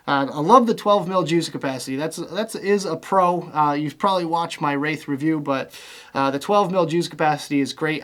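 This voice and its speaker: A young man chatting casually in a vlog, relaxed and rambling with lots of fillers as he talks through his gear. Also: on the high side. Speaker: vlogger reviewing vape gear.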